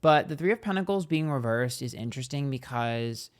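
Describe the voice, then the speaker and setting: A man's voice: medium pitch, lively intonation, brisk. A man giving a casual psychic tarot reading, rambling and hesitant, turning emphatic and profane.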